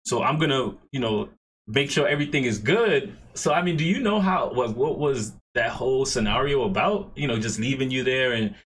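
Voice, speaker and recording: A man's voice: medium pitch, lively intonation, moderate pace, a bit bright, a little hiss or hum. A man hosting a casual interview podcast, asking questions loosely and using slang. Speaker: podcast host.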